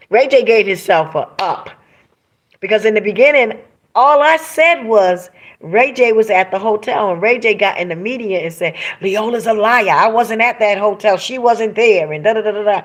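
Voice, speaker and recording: A woman with a lowish voice hosts a casual live stream from home, reading viewer comments aloud. She addresses her audience directly in an emphatic, animated manner.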